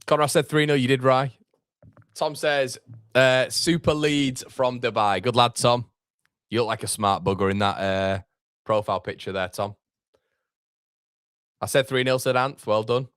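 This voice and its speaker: A man's voice: mid-range voice, normal speed, pauses often, fairly bright tone, clean tone, dry recording, clean studio sound. A man hosting a live football watchalong, chatting casually, reading out viewer comments and reacting to the match. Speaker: fan channel host.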